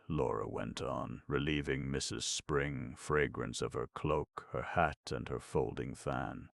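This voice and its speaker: A man narrating a classic story for an audiobook in measured, even storytelling. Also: a bass voice, gravelly, no echo. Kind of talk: scripted narration.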